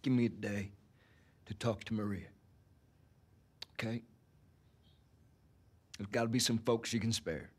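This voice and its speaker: A husky, slightly breathy middle-aged man in a video game cutscene. He reasons steadily and carefully, cautious and protective. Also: fairly low pitch, steady tone, measured pace, pauses often.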